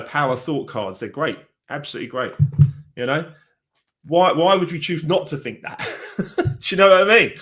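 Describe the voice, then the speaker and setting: A man's voice: on the high side, a bit bright. A man, a success coach giving an encouraging, chatty motivational talk on a live stream, with frequent fillers.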